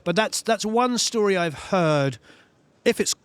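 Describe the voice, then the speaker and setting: A man, a music producer telling studio stories in an interview, animated and full of "you know" fillers. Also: sits high, a little slow, clean tone, no echo. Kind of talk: storytelling interview chat.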